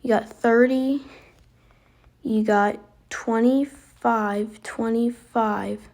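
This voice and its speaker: A woman giving casual, excitable commentary while playing a basketball video game, reacting aloud as she goes. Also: on the high side, extremely slow. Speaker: gaming video creator.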